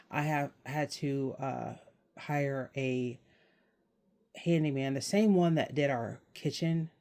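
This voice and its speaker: A man's voice: mid-range voice, a little mellow. A young man talking casually to his viewers as the channel host, rambling and laughing as he explains things. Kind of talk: casual vlog chat.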